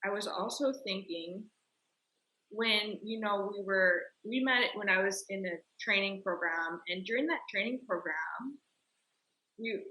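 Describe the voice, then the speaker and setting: A woman's voice: medium pitch, measured pace, poor audio. A woman hosting an interview, speaking earnestly and reflectively to her guest. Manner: earnest, warm-worded, reflective. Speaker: interview host. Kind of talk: conversational interview.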